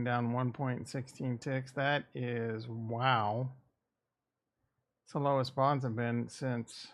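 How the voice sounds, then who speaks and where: A Midwestern American man casually livestreams about crypto and stocks, thinking aloud in a rambling, irreverent way. His voice is mid-range and fairly bright.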